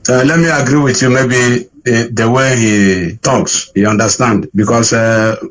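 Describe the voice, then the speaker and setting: A man's voice: mid-range voice, steady tone, measured pace. A man calling in to a radio show, speaking hesitantly and conciliatorily. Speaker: caller. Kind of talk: phoned-in radio comment.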